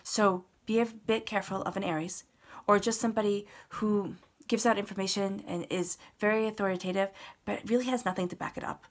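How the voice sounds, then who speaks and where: A woman's voice: medium pitch, steady tone, fairly quick, hardly any pauses. A woman giving a casual, earnest tarot reading, talking straight to the listener and repeating words for emphasis. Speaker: tarot reader.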